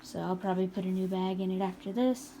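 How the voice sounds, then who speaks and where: A woman's voice: mid-range voice, steady tone, fast talker, dark tone, slight background noise. A woman giving a casual home product review, chatty and rambling with lots of fillers, speaking indoors at home.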